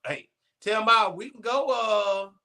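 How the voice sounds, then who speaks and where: Bright, high-voiced man in loud sports banter. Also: takes it slowly. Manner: loud, joking, swears freely. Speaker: sports co-host and radio host. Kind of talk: casual sports talk.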